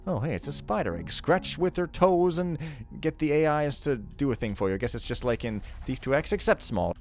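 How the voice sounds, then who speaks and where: A man's voice: on the high side, animated, fairly quick, darkish tone. Rambling jokey gameplay commentator, male. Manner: rambling, jokey, self-mocking. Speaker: let's play host.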